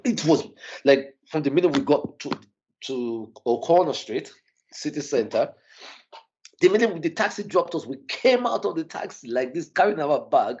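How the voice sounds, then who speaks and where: A man telling a story in casual chat, animated and full of restarts, his voice jumping up when he is shocked. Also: on the high side, highs cut off. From Nigeria and the UK. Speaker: podcast guest.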